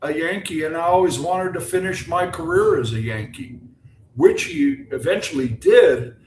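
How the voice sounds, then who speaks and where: An older man, a former pitcher, telling animated stories as a guest on a video call. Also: moderate pace, reverberant, a little hiss or hum. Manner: animated anecdotes, acts out quoted voices. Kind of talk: casual storytelling.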